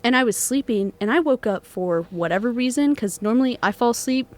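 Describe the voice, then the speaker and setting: A young woman from Texas co-hosts a student podcast, telling a ghost story in casual chat. Her voice is a little high and a little fast. She's an animated storyteller, full of fillers, and acts out the voices she quotes.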